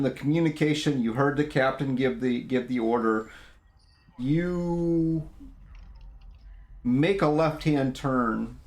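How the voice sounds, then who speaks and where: A man narrating as game master of a tabletop game, brisk and firm about the rules. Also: mid-range voice. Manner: brisk, counts down time.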